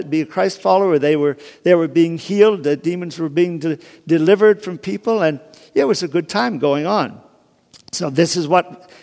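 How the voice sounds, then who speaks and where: A man giving an informal sermon, retelling a Bible story conversationally, with many restarts and asides. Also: on the high side. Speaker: preacher. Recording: long hall reverb.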